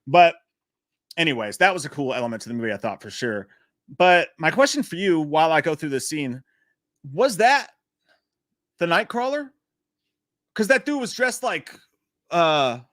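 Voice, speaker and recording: Animated, bright-voiced male livestream host. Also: a little high, normal speed, pauses often, no room sound, clean studio sound. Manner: animated, profane, self-mocking jokes. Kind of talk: casual live chat about a movie.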